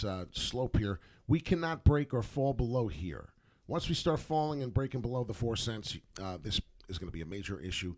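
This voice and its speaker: Male crypto chart commentator, lowish voice, rambling off-the-cuff delivery with heavy fillers. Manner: rambling, filler-heavy, repeats words for emphasis. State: hiccuping. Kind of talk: casual market commentary.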